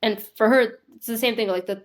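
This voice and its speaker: A woman's voice: on the high side, a little fast. Young woman chatting with many fillers. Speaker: podcast co-host. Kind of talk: casual chat.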